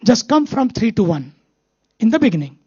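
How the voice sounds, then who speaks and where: A spiritual teacher speaking English with an Indian accent, telling stories and slowing down to stress the main lesson. The voice is husky and close, with a dry sound and no room echo. The recording is dull and lo-fi, like live talk audio. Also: mid-range voice, sing-song, darkish tone. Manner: storytelling, repeats key phrases slowly for emphasis.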